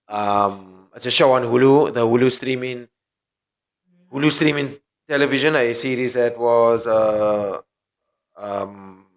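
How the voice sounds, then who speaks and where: A man hosting a podcast, chatting casually in a rambling, profane way full of fillers. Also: mid-range voice. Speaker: podcast host.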